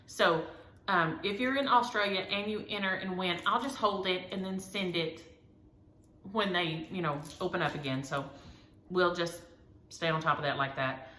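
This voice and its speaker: Woman, rambling homespun chat, bright tone, echoey room. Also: lowish voice, normal speed, a little hiss or hum. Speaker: cross-stitch vlogger. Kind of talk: casual chat to viewers.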